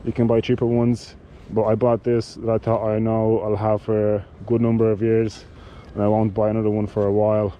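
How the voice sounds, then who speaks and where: A man giving a casual product demonstration of cycling gear, talking in a halting way with many fillers and restarts. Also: on the low side, completely flat delivery, dull audio, slight background noise.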